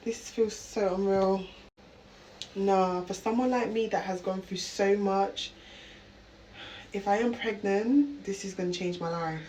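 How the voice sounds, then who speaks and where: A woman's voice: medium pitch, steady tone, measured pace, pauses often, darkish tone, slight background noise. A woman vlogging casually, talking straight to her viewers and swearing freely. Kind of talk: casual vlog.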